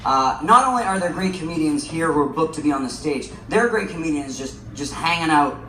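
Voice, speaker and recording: A man's voice: on the high side, expressive, a little fast, a bit bright, faint music behind. A man hosting a live comedy show, chatting and hyping up the crowd between acts. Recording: distant mic in a noisy echoey venue.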